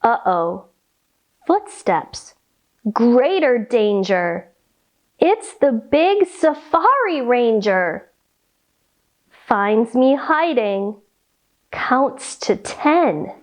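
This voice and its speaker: A woman reading a picture book aloud and leading children through yoga poses in a slow, sing-song, animated way. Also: a little high. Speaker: kids' yoga teacher reading a story. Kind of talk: storytime yoga lesson for children.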